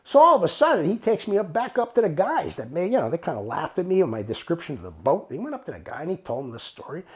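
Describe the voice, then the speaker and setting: A man's voice: on the high side, fast talker. A man telling a casual, profane story, acting out both sides of the dialogue. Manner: animated, profane, acts out dialogue. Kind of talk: casual spoken anecdote.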